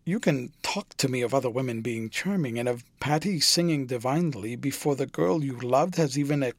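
A man's voice: medium pitch, fairly quick, dry recording, close to an everyday voice. A man reading as anguished older painter Basil Hallward. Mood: pleading. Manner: pleading, horrified. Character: anguished older male painter, earnest friend.

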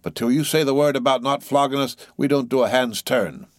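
Man doing a rough defiant sailor, bold sea talk, pitched up, dry close sound. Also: a little fast, no echo, natural voice. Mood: firm. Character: defiant rough male sailor, mutiny ringleader.

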